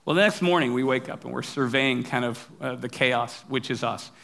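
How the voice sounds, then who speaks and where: A male pastor giving a sermon, telling stories in a relaxed, humorous, conversational way. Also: mid-range voice, moderate pace, creaky.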